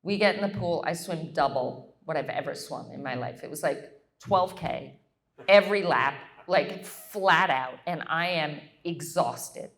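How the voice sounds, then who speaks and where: Middle-aged woman, lowish voice, lively guest speaker who performs the voices in her anecdotes. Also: unhurried, creaky. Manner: animated, acts out quoted voices. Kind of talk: storytelling Q&A.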